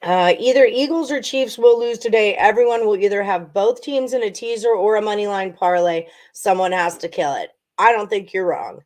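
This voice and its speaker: A woman's voice: medium pitch, normal speed, few pauses, darkish tone. A woman hosting a casual sports betting livestream, chatting in a rambling way with frequent ums and laughs. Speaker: sports betting show host.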